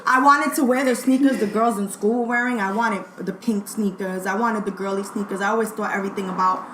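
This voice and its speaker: A woman from Brooklyn with a strong New York accent, telling stories as a guest in a casual group chat. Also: fairly quick. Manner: animated storyteller, quotes people in a higher voice. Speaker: guest sneaker collector. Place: sneaker store. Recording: echoey room with loud background noise.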